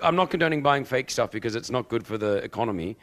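A man hosting a live morning radio show, teasing his co-host and running a quiz at a brisk pace. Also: mid-range voice, animated, a bit bright. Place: hotel venue for a live broadcast.

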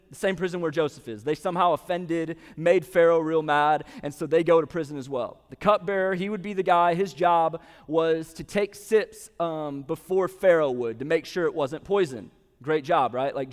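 A man's voice: sits high, big-room sound. A man giving a casual, conversational sermon, retelling a story and acting out the quotes. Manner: conversational, lots of "like", acts out quotes. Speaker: preacher. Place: venue with a live audience.

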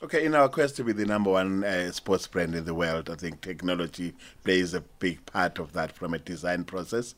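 A man's voice: low-pitched, fairly quick, few pauses, fairly bright tone. A man representing a sportswear brand, explaining product technology in corporate phrasing during an interview. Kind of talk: radio interview answer.

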